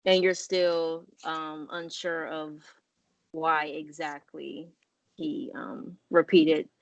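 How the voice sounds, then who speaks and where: Woman, very low and dry voice, tentative listener who reflects feelings back. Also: flat delivery, slow pace, gravelly, dry recording.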